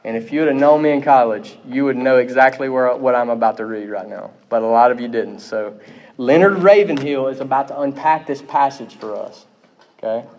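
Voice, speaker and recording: An emphatic male preacher delivering a sermon to his congregation. He keeps checking in with a quick "okay?" and rises in pitch and volume on the lines he wants to land. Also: a little mellow. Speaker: pastor.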